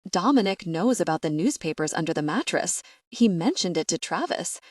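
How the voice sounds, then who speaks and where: Audiobook: narrator doing a lively, teasing young woman, dry close sound. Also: fairly low pitch, moderate pace, no room sound, recorded from a distance. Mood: playful. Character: playful young woman, party clown, warm-hearted.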